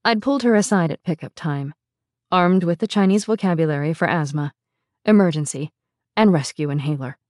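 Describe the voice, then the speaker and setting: A woman narrating a memoir audiobook in a measured, vivid storytelling manner. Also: deep voice, darkish tone, dry recording, studio quality.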